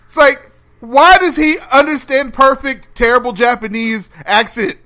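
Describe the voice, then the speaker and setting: A man co-hosting a casual podcast chat, animated and acting out incredulous quotes with laughs. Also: extremely high pitch, unhurried. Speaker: podcast co-host. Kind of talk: casual chat over a phone call.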